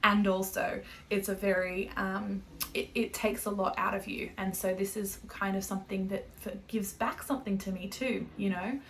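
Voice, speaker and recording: A woman's voice: medium pitch, steady tone, normal speed, a bit bright, slight background noise. A young Australian woman hosting a knitting podcast, chatting casually and rambling a little, correcting herself and laughing often. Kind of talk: casual chat to camera.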